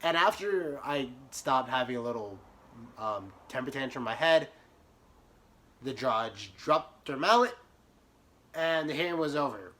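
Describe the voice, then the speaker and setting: A young man telling a comic story about himself, animated, swinging from muttered asides to sudden yelps. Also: mid-range voice, measured pace, long pauses. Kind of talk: comedic storytime monologue.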